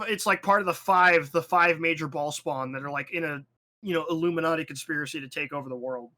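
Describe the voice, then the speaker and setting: A young man hosting a casual podcast chat with a bright, slightly high voice. He rambles and swears freely, restarts his sentences and launches into animated tangents with acted-out asides. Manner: rambling, profane, restarts often. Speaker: podcast host.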